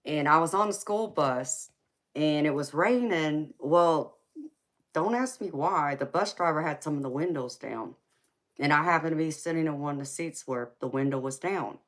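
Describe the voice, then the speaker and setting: A woman's voice: deep voice, moderate pace. A woman with a heavy Southern accent from Georgia, chatting casually and laughing often while hosting a late-night live stream. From California.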